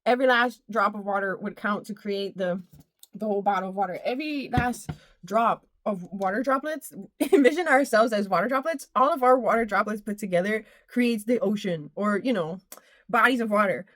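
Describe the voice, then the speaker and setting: A woman's voice: mid-range voice, brisk, a bit bright, dry recording. A woman giving a casual spiritual pep talk. She is exuberant, laughs often and strings her phrases into rhythmic lists. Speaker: spiritual channel and motivational speaker.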